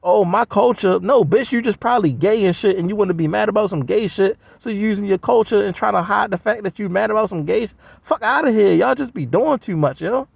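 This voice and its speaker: A high-voiced man with a gravelly, fry-laden edge rants in a blunt, scoffing, profane way. The sound is close and dry, with no room in it. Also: quick pace, few pauses, dry recording. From United States. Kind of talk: profane solo rant.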